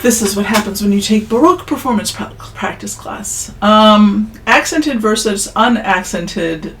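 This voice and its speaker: A woman's voice: medium pitch, animated, unhurried, a bit bright, slight background noise, poor audio. A woman giving a casual, recorded music theory lecture, chatting through examples with offhand, self-deprecating asides.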